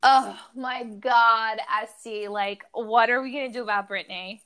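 A woman's voice: a little high, steady tone, a little slow, pushed and bright, clear, resonant tone. A woman co-hosting a podcast in casual chat, talking with many "like" fillers and laughing through her stories. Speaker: podcast co-host.

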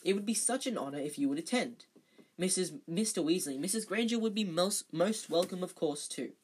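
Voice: mid-range voice, animated, a little fast, husky. A reader voicing an old male ghost who speaks eagerly and formally. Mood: dignified.

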